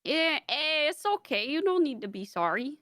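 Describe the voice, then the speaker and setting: A woman's voice: high-pitched, big pitch swings, moderate pace, fairly bright tone, no echo, clean studio sound. A woman with a Canadian accent, bantering goofily in a casual gaming chat. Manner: goofy, giggly banter. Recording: music playing behind.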